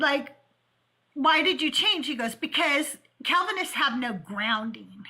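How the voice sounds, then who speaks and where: A woman with a high, bright voice hosts a call-in show from her home. She tells a story in casual chat, acts out both sides of an argument and swears freely. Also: measured pace. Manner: animated, profane, retells arguments in quotes. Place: home with cats playing.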